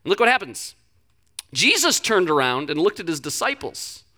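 A pastor preaching a lively, conversational sermon, joking and acting out scenes. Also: mid-range voice, normal speed.

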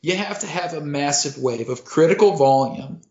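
Deadpan, profane man telling a story. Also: a little high, normal speed, roomy sound, muffled recording. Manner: deadpan, profane, mock-serious. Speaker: podcast co-host. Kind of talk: casual comedic storytelling.

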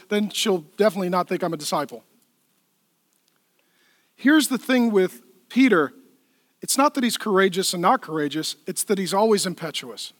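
A male pastor preaching a lively, playful sermon in a church, acting out the people in the story. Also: very high voice, no echo, studio quality. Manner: animated, playful, acts out voices and laughs at own jokes.

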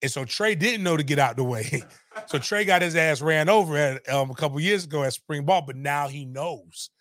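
A middle-aged man, telling a story in animated, profane casual talk on a podcast. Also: on the high side, normal speed.

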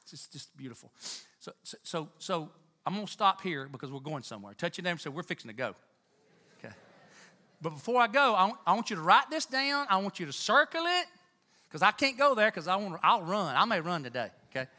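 A man preaching a sermon in church, talking to the congregation with emphatic, animated delivery and Southern turns of phrase. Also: sits high, fast talker. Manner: animated, emphatic, rising to near-shouts.

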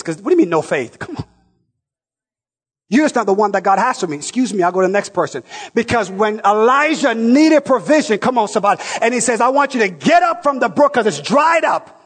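High-voiced preacher shouting in a hall. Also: male voice, slightly rough. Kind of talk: sermon. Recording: long hall reverb.

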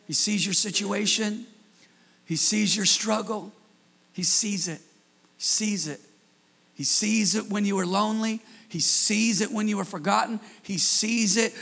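Gravelly, high-voiced preaching pastor. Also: male voice. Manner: call-and-response preaching, swings from quiet asides to shouting. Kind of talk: sermon.

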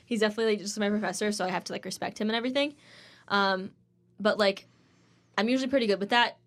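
A woman's voice: medium pitch, fairly even intonation, fast, a bit bright. A woman in her twenties, a podcast co-host, chatting casually and telling rambling anecdotes full of "like" while acting out the people in them. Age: 20s.

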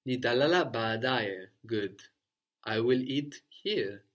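A man with an ordinary mid-range voice leads a spoken language lesson. He prompts, corrects gently and echoes every answer back. His manner stays calm and encouraging. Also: medium pitch, takes it slowly. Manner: patient, repeats and praises answers. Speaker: language teacher.

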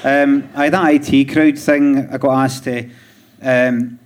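A man's voice: medium pitch, flat delivery, takes it slowly. A Glaswegian man guesting on a live podcast, telling stories in a rambling way with restarts and dry chuckles. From Scotland. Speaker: comedian guest. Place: theatre stage before a live audience. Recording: live theatre with audience noise.

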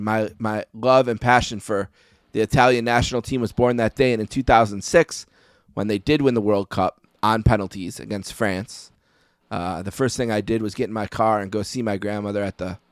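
Guy in his 40s on a podcast, smooth voice, dry sound, telling a story. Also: lowish voice, no room sound. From United States. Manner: storytelling, reflective. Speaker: podcast co-host. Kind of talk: casual podcast chat.

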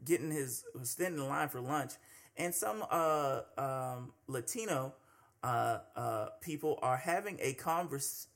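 Gravelly-voiced man hosting a commentary podcast. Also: mid-range voice, measured pace, a bit bright. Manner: conversational, many fillers and restarts, acts out quoted people. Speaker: podcast host.

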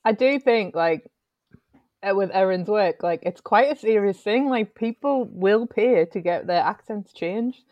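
A woman's voice: mid-range voice, unhurried, no room sound, highs cut off. Northern English woman, chatty and filler-heavy, very dry close sound. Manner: chatty, frequent fillers, laughs often. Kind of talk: casual chat.

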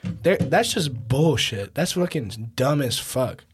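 A man's voice: medium pitch, lively intonation, slow pace, husky, soft background music. A teenage man hosting a podcast, joking and riffing in crude, profane banter. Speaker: podcast host. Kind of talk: casual chat.

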